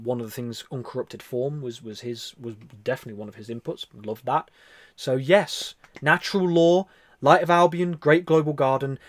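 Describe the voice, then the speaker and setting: A man hosting a spiritual livestream, talking earnestly and repetitively, then softly whispering into a close microphone as he guides a meditation. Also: medium pitch, no echo. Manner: earnest, repetitive, soft-spoken. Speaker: livestream host.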